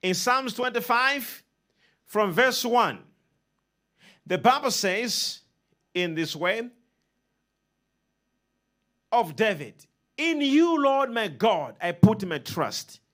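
Preacher, male, high and lively voice, leads call-and-response, emphatic swings from loud to soft. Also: takes it slowly, pauses often.

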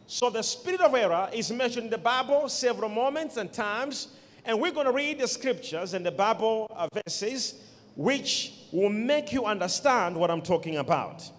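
A man's voice: sits high, a bit bright. A man preaching a sermon, emphatic, repeating key words and calling on the congregation to respond. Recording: long hall reverb.

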